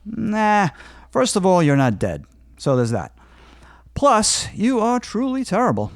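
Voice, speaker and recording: Man doing a wry sarcastic devil, lively high voice, dry close sound. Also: unhurried, dry recording, full character voice. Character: snarky bored male devil.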